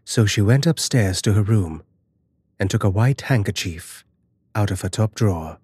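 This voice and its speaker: A man giving a measured, dramatic scripted narration of a horror fairy tale. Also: on the low side, lively intonation, darkish tone, breathy edge, dry recording.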